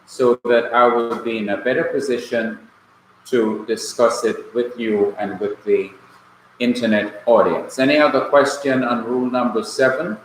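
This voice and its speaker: A male Bible language teacher from Jamaica, lecturing a class slowly and patiently, repeating key points. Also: mid-range voice, steady tone, a little hiss or hum. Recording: echoey classroom, mic at a distance.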